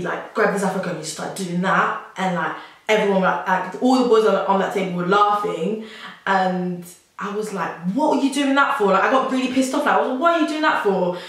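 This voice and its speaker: A young woman talks straight to camera in a rambling, chatty way, leaning on "like" and slipping in nervous laughs. Her voice sits slightly low, and the sound bounces around a very echoey room. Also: a bit bright. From South London. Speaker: vlogger. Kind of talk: personal storytelling to camera. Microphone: camera mic.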